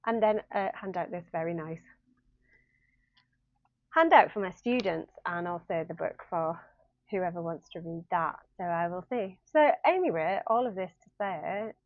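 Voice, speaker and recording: A woman in her fifties chats to her phone camera in a rambling, self-mocking way, laughing at herself as she goes. Her voice sits a touch low. The sound is dry and boxy, thin like a phone line. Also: lively intonation, a little slow, no echo. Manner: rambling, chatty, self-deprecating with frequent laughs. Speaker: university lecturer in human-computer interaction. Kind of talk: casual talking-head vlog.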